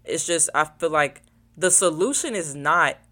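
Talking casually to vlog viewers, a young woman in college rambles and thinks aloud while she searches her phone. She sounds deep, fairly bright and animated, keeping a measured pace.

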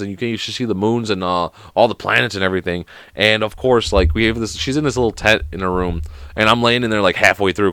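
A man's voice: on the low side, fairly bright tone, smooth, dry recording, clean studio sound. A young man who is sick hosts a podcast alone in casual chat. He swears constantly and rambles through anecdotes. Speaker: podcast host.

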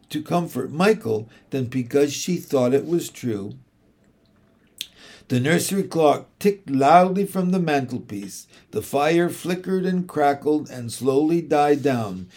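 A man narrating a children's classic as an audiobook, measured and expressive. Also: on the high side.

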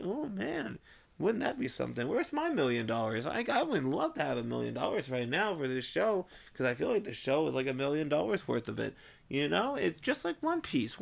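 A man rambling in a casual vlog monologue, swearing and cutting himself off, in an unusually high, strained voice. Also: vocal fry. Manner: rambling, swearing, self-interrupting. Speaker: vlogger.

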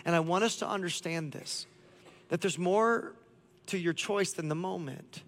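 Male pastor, high voice, impassioned preaching, long hall reverb. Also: measured pace, fairly bright tone. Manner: impassioned, voicing God's lines with rising intensity. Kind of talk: sermon.

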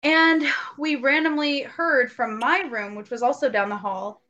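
A woman's voice: high voice, measured pace. A young adult woman co-hosting a podcast, telling a story in casual chat and acting out the quotes. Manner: animated, acts out quotes. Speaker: podcast co-host. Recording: dull lo-fi recording.

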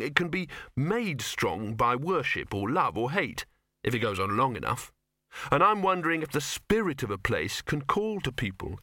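A man voicing a nervous young man who explains things cautiously and haltingly. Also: on the high side, pushed and bright, no echo, studio quality, voice pushed up.

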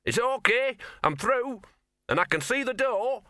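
A man's voice: mid-range voice, lively intonation, unhurried, pushed and bright, dry recording, clean studio sound. A man voicing a grumbling streetwise talking dog. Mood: strained. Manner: grudging, streetwise, wary.

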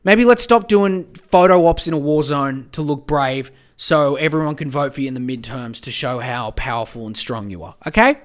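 Young aussie guy going off on a rant, swears a lot, bit higher voice, keeps repeating himself. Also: normal speed, hardly any pauses. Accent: Australian. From Australia. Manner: profane, exasperated, repeats himself. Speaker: podcast host. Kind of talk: casual ranting monologue.

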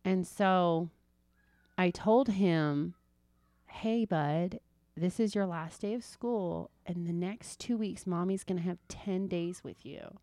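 Earnest lower-voiced mom, dry mic. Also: female voice, slow, warm tone, no room sound. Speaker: podcast co-host. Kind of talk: casual faith podcast chat.

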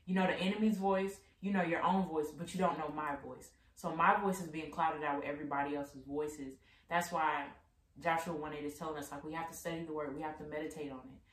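Woman host for a casual faith podcast, low-ish voice, chatty with lots of "like", recorded in an echoey room. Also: steady tone, a little fast. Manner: chatty, says "like" often. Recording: echoey room, mic at a distance.

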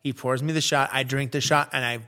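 A man's voice: mid-range voice, fairly quick. A man in his forties hosting a podcast, telling a story in casual chat and acting out the other people in it. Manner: animated storyteller, acts out quoted voices. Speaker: podcast host.

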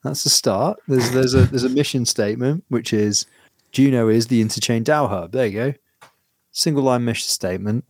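A man's voice: medium pitch, moderate pace, darkish tone, no room sound. A man co-hosting a podcast in casual chat, rambling and self-interrupting, laughing often. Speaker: podcast co-host.

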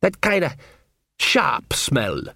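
A man's voice: on the high side, huge pitch swings, takes it slowly, gravelly, bright, forceful tone, no echo, clean studio sound, pitched above the performer's own voice, exaggerated voice. A man voicing an easygoing, talkative village drinker telling old stories. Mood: storytelling. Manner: easygoing, chatty.

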